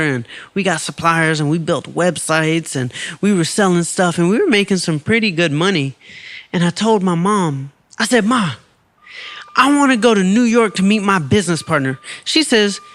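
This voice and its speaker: A male podcast host tells a personal story with lively energy, slipping into other people's voices as he goes. His voice sits somewhat high for a man. The recording is close and dry, with no room sound. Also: no room sound. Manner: animated, acts out quoted voices. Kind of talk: storytelling monologue.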